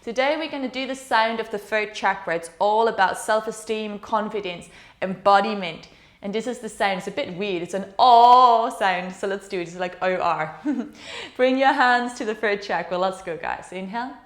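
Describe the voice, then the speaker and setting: A woman leads a yoga session, talking students through breath and posture in a calm, encouraging way. Her voice sits in a middle pitch and carries a noticeable roomy echo. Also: brisk. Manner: soothing, encouraging guidance. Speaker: yoga teacher. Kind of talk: guided yoga instruction.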